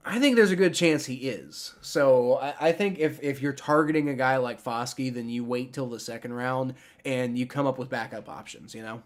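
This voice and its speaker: A young man casually reacting on a live stream, rambling with many restarts and frequent swearing. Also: medium pitch. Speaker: streamer reacting to a sports draft.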